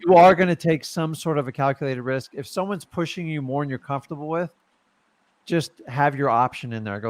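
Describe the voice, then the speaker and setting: A man hosting a casual real estate coaching chat, talking emphatically and pushing his points with sudden bursts of loudness. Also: a little high, a little fast, no room sound. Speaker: real estate investor and show host.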